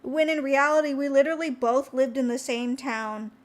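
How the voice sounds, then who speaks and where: A young woman with a high voice tells a rambling story on her stream and sounds tired. She jumps up in pitch whenever she acts out what someone said. Her telling is chatty and animated. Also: moderate pace. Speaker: VTuber streamer.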